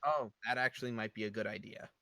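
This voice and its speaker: A man's voice: on the low side, fast, bright, forceful tone, no room sound. A man playing an online tabletop game, thinking aloud in a casual, musing way. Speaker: player.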